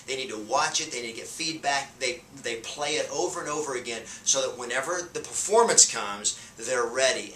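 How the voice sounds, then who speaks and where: A man's voice: mid-range voice, slight background noise. A man giving a motivational real estate sales lesson, talking with energy and driving points home by repeating them. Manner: energetic and emphatic, drives points home with repetition; shifts loudness and pace to show a point. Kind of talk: motivational teaching talk. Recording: roomy sound from a distance off the mic.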